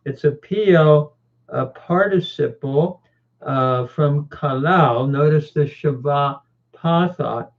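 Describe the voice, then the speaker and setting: A man lectures on grammar in a slightly raised voice, moving very slowly and deliberately. He halts often with fillers between phrases. The sound is thin and tinny, like a phone line. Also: on the high side. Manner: deliberate, halting, with many "uh" fillers. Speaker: teacher of biblical languages.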